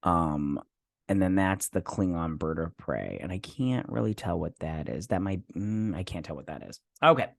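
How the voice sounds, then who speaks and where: With a low voice, vocal fry, and a moderate, animated pace, a man hosts a casual review of a TV episode. He rambles hesitantly, full of fillers and restarts, and keeps poking self-deprecating fun at his own memory. The recording is dry.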